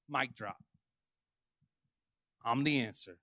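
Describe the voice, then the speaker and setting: A man with a high, bright voice preaches with lively energy, jumping from hushed, quiet asides to loud, ringing declarations. His sound is close and dry, with hardly any room around it. The tone is that of a pastor giving a Sunday sermon. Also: moderate pace, no room sound. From Canada. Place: church hall.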